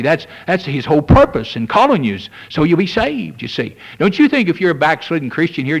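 A man preaching a sermon, folksy and repetitive, often asking "amen?" and building to fervent highs. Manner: folksy preaching with frequent "amen" and "you see", rising in fervor.

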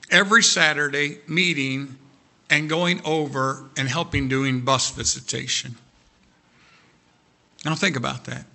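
A man's voice: mid-range voice, vocal fry, sharp tone. A man preaching a sermon, fervent and repetitive, calling out to his congregation. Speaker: pastor.

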